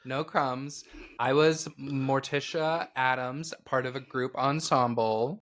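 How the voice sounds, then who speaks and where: A man co-hosting a podcast in relaxed, casual chat. His pitch sits in the middle of the male range. He is campy and giggly and quick to toss in a joke. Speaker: podcast co-host.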